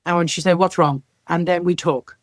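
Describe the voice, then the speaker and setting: A middle-aged woman from Ireland, a care sector leader, telling lively stories as a podcast guest and acting out the dialogue in them. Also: lowish voice, a little fast, no echo. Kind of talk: podcast interview storytelling.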